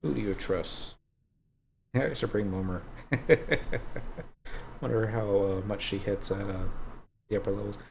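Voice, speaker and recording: A man streaming a video game, thinking out loud in a casual, musing way as he weighs his choices. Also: fairly low pitch, fairly even intonation, a little slow, gravelly, pauses often, slight background noise. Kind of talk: casual live-stream commentary. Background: faint game music.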